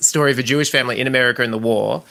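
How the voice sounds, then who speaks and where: A man, a guest friend on a podcast, chatting in an animated, gossipy way. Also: medium pitch, vocal fry. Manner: animated, gossipy, quick to laugh. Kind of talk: casual chat.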